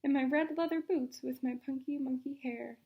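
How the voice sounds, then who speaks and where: A woman reading the lines of a prim, dancing female ape from a storybook, in a slow, proper manner. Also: high-pitched, fairly even intonation, highs cut off.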